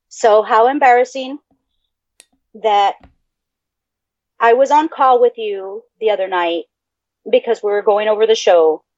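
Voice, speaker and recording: A woman's voice: mid-range voice, darkish tone, no room sound. A woman co-hosting a podcast in casual chat, swearing freely and laughing often. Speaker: podcast co-host. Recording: dull lo-fi audio.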